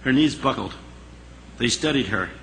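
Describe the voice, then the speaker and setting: A man telling a story in a sermon, animated and dramatic, dropping into a hush at the tense moments. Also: medium pitch, normal speed, gravelly, slight background noise, low-quality recording. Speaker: speaker.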